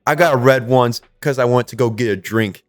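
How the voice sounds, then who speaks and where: A man's voice: medium pitch, brisk, no room sound, studio quality. A young man co-hosting a podcast, telling school stories with lots of swearing and acted-out quotes. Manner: profane, animated storytelling, acting out quotes. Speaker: podcast co-host. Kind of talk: casual chat.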